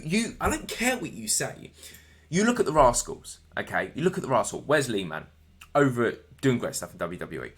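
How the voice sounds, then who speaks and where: A man giving a casual solo wrestling show review, energetic and repetitive, talking straight to his viewers. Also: mid-range voice.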